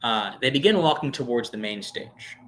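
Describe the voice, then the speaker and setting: A man hosting a live stream, telling a long personal story in a chatty way, full of fillers, restarts and sudden swings between hushed asides and loud bursts. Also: medium pitch, lively intonation, moderate pace. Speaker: streamer and show host.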